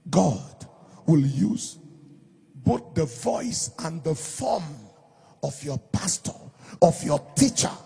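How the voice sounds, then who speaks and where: A pastor preaching with real force, his voice high-pitched and rough with gravel. It sounds very husky and strained, and he swings from quiet asides to loud, sing-song emphasis. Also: lively intonation, takes it slowly. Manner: emphatic preaching, shouting and lilting on key phrases. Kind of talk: sermon.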